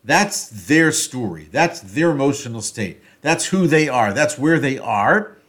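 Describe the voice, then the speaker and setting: A man at a middle pitch gives a reflective solo talk on a self-help topic. He thinks aloud in loose sentences, stopping to restart and filling gaps with small hedging words. His loudness rises and falls as he goes. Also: lively intonation, measured pace.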